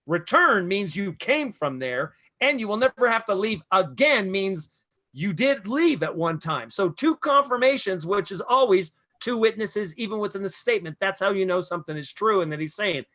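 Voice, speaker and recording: High voiced guy preaching at you, slows right down on the big words. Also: lively intonation, pushed and bright. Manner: emphatic, lecturing, stretches key words. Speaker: guest speaker. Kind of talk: preachy spiritual talk.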